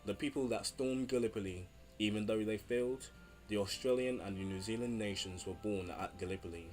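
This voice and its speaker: A man's voice: on the low side, brisk, darkish tone, soft background music. A man reading a history narration and then chatting through a casual, jokey outro, earnest and rambling.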